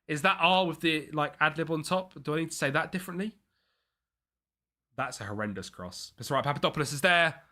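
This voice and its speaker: A young man streaming live, chatting and thinking aloud over a football management game, with excited bursts at chances. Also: on the high side, brisk. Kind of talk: live gameplay commentary.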